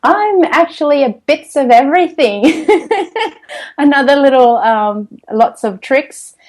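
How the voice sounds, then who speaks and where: A woman's voice: high-pitched, slow pace, poor audio. Chatty Australian woman, laughing often. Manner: chatty, laughs often, many ums and restarts. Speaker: podcast guest. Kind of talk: interview over the internet.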